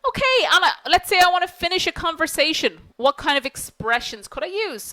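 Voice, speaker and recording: A woman's voice: high voice, big pitch swings, normal speed, sharp tone, low-quality recording. A woman teaching an online business English class, polite and encouraging, acting out example phone phrases.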